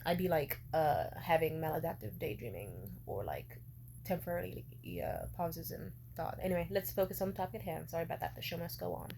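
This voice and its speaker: A woman's voice: on the low side, a little fast, gravelly, dark tone, slight background noise. Rambling, foul-mouthed woman in her twenties. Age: 20s. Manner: rambling, swears freely, heavy use of "like". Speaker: vlogger. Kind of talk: casual storytelling vlog.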